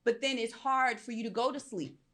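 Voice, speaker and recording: A woman's voice: on the high side, fairly quick, a bit bright. A woman with a slightly raised voice co-hosts a live panel, talking candidly about her own struggles. She speaks with emphasis and keeps checking in with her listeners. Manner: open, emphatic, asks "right?" often. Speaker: podcast co-host.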